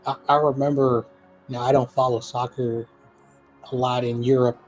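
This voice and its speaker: A man's voice: mid-range voice, level tone, normal speed, faint music behind. A man co-hosting a live football stream in casual chat, rambling, joking and often losing his train of thought.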